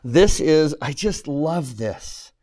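A man's voice: fairly high pitch, lively intonation, slow pace, mellow. A man teaching a scripture class, earnest and pleading, often asking the students questions. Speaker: religion teacher.

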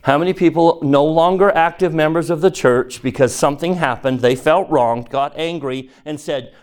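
A man's voice: on the high side, normal speed, few pauses, a little mellow, clear, resonant tone. A man teaching a scripture class, reading verses aloud and quizzing his listeners.

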